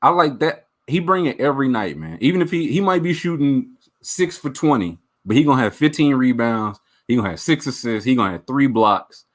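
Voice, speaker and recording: A man hosting a podcast, talking sports in animated, slangy banter. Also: medium pitch, brisk. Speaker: podcast host. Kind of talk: casual chat.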